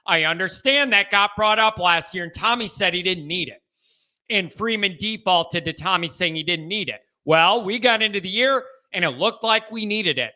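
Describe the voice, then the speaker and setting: Male talk-show host, high bright voice, lively and opinionated. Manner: animated, joking, opinionated. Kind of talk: casual call-in chat.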